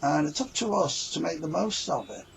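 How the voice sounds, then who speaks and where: Earnest male vlogger, rambling monologue, fairly high voice, faint outdoor background. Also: animated, normal speed, vocal fry, a little hiss or hum, low-quality recording. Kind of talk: casual reflective monologue.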